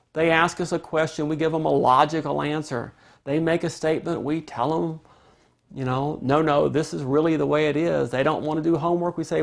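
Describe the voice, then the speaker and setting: A man teaching a parenting lesson, calmly explaining and acting out what parents and kids say. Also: fairly high pitch, gravelly. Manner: calm, explanatory, acts out parent and child quotes. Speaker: parenting instructor.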